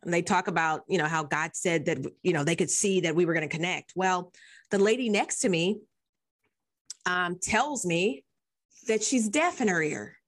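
A woman's voice: fairly low pitch, moderate pace. A woman hosting a casual faith talk, affirming her guest and telling her own story with fillers.

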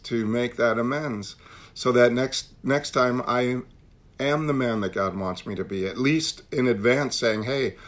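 A man's voice: mid-range voice, fairly bright tone. A man leading a recovery meeting on a call, talking earnestly and repeating phrases for emphasis. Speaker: meeting leader.

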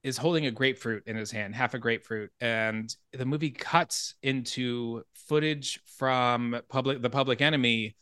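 A man's voice: medium pitch, clear, resonant tone, no echo. Dry-sounding man retelling a film scene. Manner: animated retelling of scenes, quick asides. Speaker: podcast host. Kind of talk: casual film discussion.

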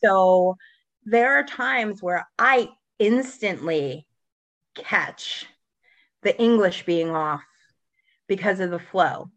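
A woman's voice: medium pitch, slow pace, pauses often, no echo. A woman co-hosting a podcast in casual chat, self-assured and talkative, with frequent restarts. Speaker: podcast co-host.

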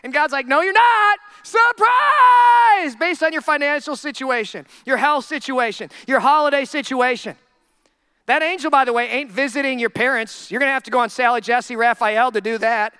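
A male pastor preaching a sermon in a humorous, animated storytelling way. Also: very high-pitched, a little fast, smooth, dry recording, clean studio sound.

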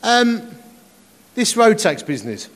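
A man voicing an indignant middle-aged woman scolding someone on the phone, in a shrill, nagging, sarcastic way. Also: sing-song, slow pace, fairly bright tone, full character voice. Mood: pressing. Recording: echoey conference hall.

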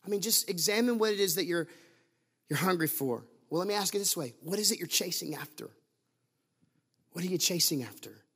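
A man with a high-pitched voice delivers a sermon as the pastor. He preaches emphatically, leaning on repetition and strings of rhetorical questions aimed at the congregation. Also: animated, a little fast, long pauses, a bit bright, slightly rough.

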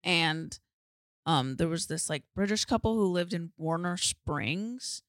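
A woman's voice: lowish voice, lively intonation, fairly bright tone, no echo, studio quality. A young woman from San Diego co-hosting a podcast, talking in a playful, dramatic casual way. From San Diego, USA. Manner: playful, dramatic, quick laughs. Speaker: podcast co-host. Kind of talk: casual chat.

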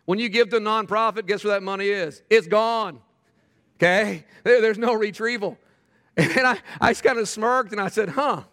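A middle-aged male pastor preaching a sermon. He tells stories animatedly, often repeats words when he starts a sentence, and drops to quiet, fervent prayer. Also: sits high, moderate pace, big-room sound. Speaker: pastor planting a church. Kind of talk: sermon with storytelling.

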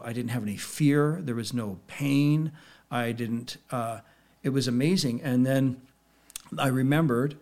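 A middle-aged man, a podcast guest, recounting a personal experience in a quiet, reflective way with pauses. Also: medium pitch. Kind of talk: personal storytelling in an interview.

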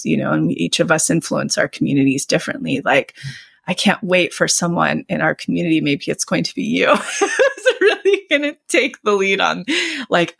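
A woman's voice: fairly low pitch, gravelly, a bit bright, slightly rough, no echo. A woman guest on a podcast, talking in a dreamy, searching way, in loose phrases. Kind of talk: relaxed conversational chat.

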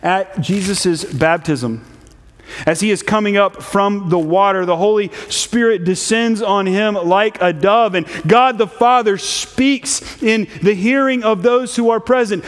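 A man preaching at an unhurried, deliberate pace, his voice pitched a little high. His sermon carries a solemn, measured weight as he reads scripture and leans on key phrases. A long reverb trails after his words, as in a large hall.

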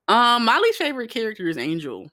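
A woman co-hosting a podcast in casual chat, animated and profane, with her pitch leaping up when she acts out reactions. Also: fast. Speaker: podcast co-host.

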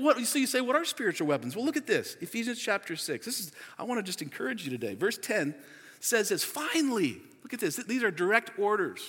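A man in his forties preaches with a high, ringing voice, lively and chatty, laughing as he goes and scattering fillers through his talk. His voice carries a long reverb, as in a large church sanctuary. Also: breathy edge. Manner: energetic, chatty, laughs often, many fillers. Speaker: pastor. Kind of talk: sermon.

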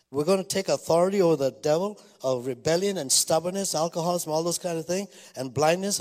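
A middle-aged male pastor preaching a sermon, telling stories and punctuating them with hallelujahs and praise God. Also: a little high. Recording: reverberant hall.

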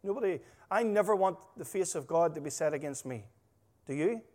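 A man preaching a sermon, emphatic and full of stories, his volume swinging between loud stresses and quiet asides. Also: fairly high pitch, lively intonation, brisk. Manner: emphatic, storytelling, rising and dropping volume. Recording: long hall reverb.

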